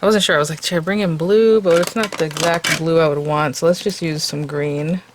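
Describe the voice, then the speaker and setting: A woman's voice: low voice, fairly even intonation, brisk, noisy background. A woman demonstrating card making in a casual crafting tutorial. She chats and thinks aloud as she works, and her voice sounds a little tired. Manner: chatty, thinking aloud while working. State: voice getting tired.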